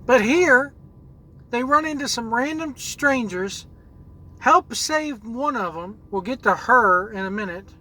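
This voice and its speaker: A man's voice: very high voice, expressive, a little slow, pushed and bright, poor audio. A man hosting a gaming channel who rants angrily about a video game, swearing and repeating words as he searches for what to say. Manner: angry, profane, repeats words while searching for them. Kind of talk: ranting video game commentary.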